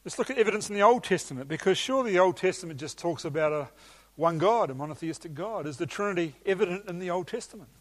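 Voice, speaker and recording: A man's voice: high voice, expressive, fast talker. A man preaching a teaching sermon with emphatic enthusiasm and some hesitations.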